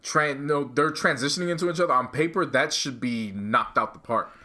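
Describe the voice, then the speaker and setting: Bright-voiced man arguing music. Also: mid-range voice, fairly quick. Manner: argumentative, explains at length, trails off in restarts. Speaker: podcast co-host. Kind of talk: casual chat reviewing music.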